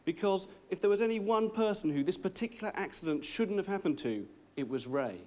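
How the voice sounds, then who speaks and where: A man's voice: sits high, animated, brisk, dark tone. A man narrating a comic sketch in a mock-serious tone. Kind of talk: scripted narration.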